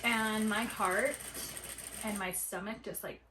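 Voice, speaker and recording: A young adult woman vlogging while she sews, telling a story in an animated way with lots of "like" fillers. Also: medium pitch, takes it slowly, noisy background. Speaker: sewing vlogger. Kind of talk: casual chat while sewing. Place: at home at a sewing table.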